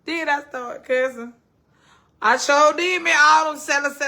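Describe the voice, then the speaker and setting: A woman's voice: high-pitched, measured pace, sharp tone. A woman in her fifties who hosts a casual livestream from home, telling stories animatedly, swearing freely and reading out viewer comments. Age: 50s. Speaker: livestream host.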